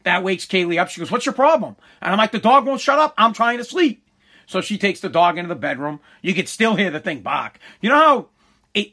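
A man ranting in a casual, comic way, exasperated and griping, often stammering and repeating his words. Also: high-pitched. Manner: shouts when quoting himself.

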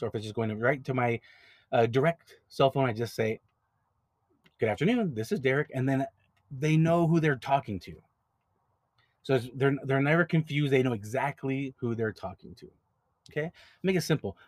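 A man's voice: medium pitch, fairly quick, no echo. A man hosting an advice podcast, talking casually and directly, often repeating words as he explains. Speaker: podcast host, notary signing agent business owner.

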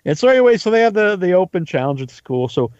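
Animated fast-talking podcast guy. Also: high voice, no room sound. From Northeast US. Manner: quick, animated, stumbling restarts. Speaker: podcast co-host. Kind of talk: casual wrestling chat. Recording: dry, slightly dull lo-fi audio.

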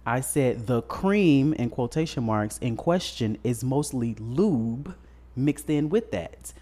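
A man's voice: medium pitch, lively intonation, slow pace, warm tone. A man co-hosting a podcast in a casual chat, telling a story bluntly with crude slang. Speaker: podcast co-host.

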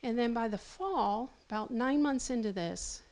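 A woman giving a personal testimony at a seminar, telling her story haltingly with restarts and nervous laughs. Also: a little high, a little mellow. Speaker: seminar speaker.

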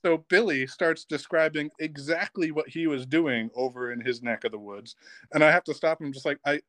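A man, a guest on a podcast, tells a funny camp story in a lively, casual way and laughs as he goes. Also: on the high side, moderate pace, no echo. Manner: lively, laughs while telling stories.

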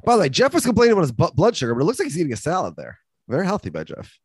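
A man co-hosting a podcast, chiming in quickly during a casual recap. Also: on the high side, breathy edge, dry recording, clean studio sound. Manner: quick, lively, chimes in. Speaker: podcast co-host. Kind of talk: casual chat.

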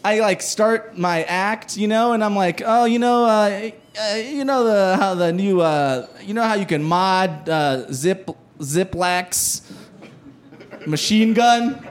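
A man, a stand-up comedian, telling a profane, animated story live on stage and shouting his quoted lines. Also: high-pitched, slow pace.

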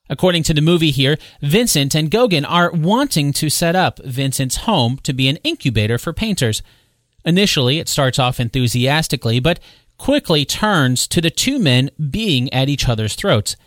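A man hosting a solo podcast, retelling history in a conversational way with quick asides and self-corrections. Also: fairly high pitch, a bit bright, no room sound, clean studio sound. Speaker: podcast host. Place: home recording space.

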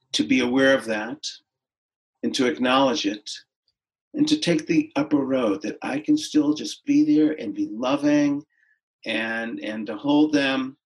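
A middle-aged man, a podcast guest, telling a personal story in a gentle, unhurried, reflective way with pauses and restarts. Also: mid-range voice, low-quality recording.

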